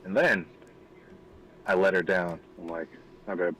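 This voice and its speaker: A man in his thirties with a very deep voice, rambling through a story while he plays a game. He laughs easily and keeps the talk loose, with a faint hiss under the recording. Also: measured pace, pushed and bright, low-quality recording. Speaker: streamer. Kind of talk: casual chat over gameplay.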